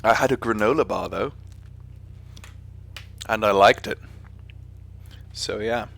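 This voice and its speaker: On a live stream, an Englishman flies a simulator and chats casually, wandering off topic and often correcting himself. His voice is lowish, slow and gravelly, with a fairly bright tone.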